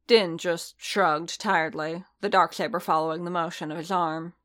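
A woman reading fiction aloud as narrator, in a measured, expressive storytelling way. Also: on the low side.

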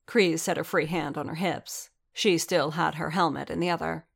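Low, gravelly-voiced woman reading a story. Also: fairly even intonation, moderate pace. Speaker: narrator. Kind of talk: fan fiction reading aloud.

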